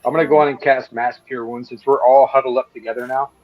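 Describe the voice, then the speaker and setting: A man's voice: mid-range voice, fairly even intonation, fast talker, highs cut off, a crowd in the background. A man playing a tabletop game, joking around and stammering over the rules. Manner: jokey, panicky outbursts, stammers on rules. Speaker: player. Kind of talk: casual tabletop game play.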